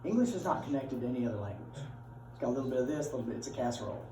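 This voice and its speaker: This middle-aged teacher talks very fast in a mid-range voice with lively intonation, keeping the class casual, folksy and full of jokes and chat with students. The mic sits far away in a roomy classroom, and the background is noisy.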